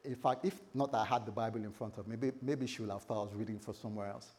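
A man's voice: lowish voice, steady tone, racing, darkish tone. A man preaching a sermon, joking with a laughing congregation and leading them in prayer. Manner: playful, jokes with the congregation. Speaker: pastor.

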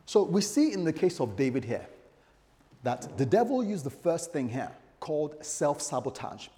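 A man's voice: on the high side, big pitch swings, normal speed, warm tone. A male pastor delivering a sermon, telling stories animatedly and acting out the voices he quotes. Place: church hall. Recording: long hall reverb.

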